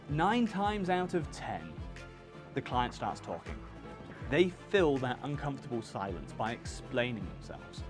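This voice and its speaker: A man hosting a video lesson for freelancers, talking in a punchy, emphatic, conversational way. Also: on the high side. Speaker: channel host teaching freelancers.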